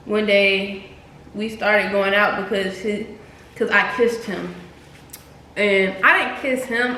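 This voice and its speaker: A woman's voice: mid-range voice, fairly bright tone. A young woman telling a casual storytime to her viewers, chatty and slangy, often calling them "y'all.". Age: young adult. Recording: echoey room with faint noise.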